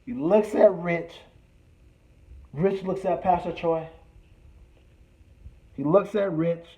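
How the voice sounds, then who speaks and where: A man telling a personal story in an animated way, acting out the people he quotes. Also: on the high side, takes it slowly, highs cut off. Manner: acts out quotes, shouting and whispering.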